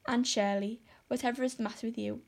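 A woman reading aloud and voicing a stern, sharp-tongued middle-aged woman who scolds briskly. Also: a little high, fairly even intonation, vocal fry. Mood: scolding. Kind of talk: audiobook character voice.

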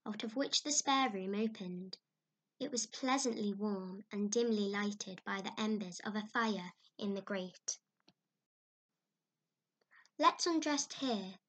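A woman narrating a classic storybook in an expressive, animated way. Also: mid-range voice.

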